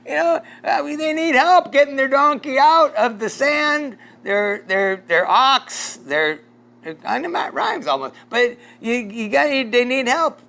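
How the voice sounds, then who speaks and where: A pastor leading a casual Bible study, rambling through a story with lots of fillers and chuckles. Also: male voice, very high-pitched, animated, a little slow, gravelly, bright, forceful tone.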